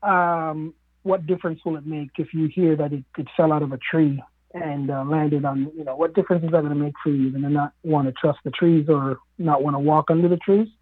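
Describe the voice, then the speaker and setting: Husky man over a tinny phone-like line. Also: on the high side, steady tone, a little fast, dry recording. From Caribbean. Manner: musing, earnest, with many fillers and restarts. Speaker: radio guest speaker. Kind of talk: reflective radio talk. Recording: narrow phone-like radio sound.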